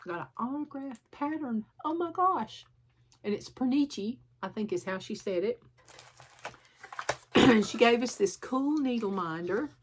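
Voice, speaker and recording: Chatty woman clearing her throat. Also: a little high, expressive, measured pace, a little hiss or hum. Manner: rambling, self-deprecating, frequent throat clearing. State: sore throat, sucking a cough drop. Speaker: cross-stitch vlogger. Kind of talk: chatty show-and-tell vlog.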